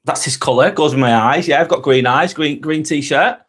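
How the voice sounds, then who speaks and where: A man's voice: fairly high pitch, normal speed, a bit bright, breathy edge. An English man, middle-aged, hosting a live vlog, chatting casually with viewers, rambling and repeating himself and swearing freely. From England. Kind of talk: casual live-stream chat.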